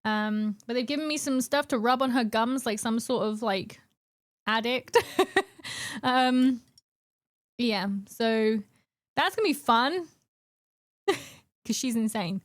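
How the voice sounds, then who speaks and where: A young woman with a high voice streams from her home desk mic, chatting and giggling with viewers. She greets people by name and slips into soft baby talk for her cat. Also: slow, long pauses. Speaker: live streamer. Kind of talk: casual chat with stream viewers.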